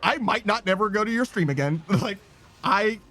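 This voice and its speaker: A man's voice: high voice, animated, moderate pace, sharp tone. A man streaming a game, chatting casually, reading chat aloud and laughing easily. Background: faint game music.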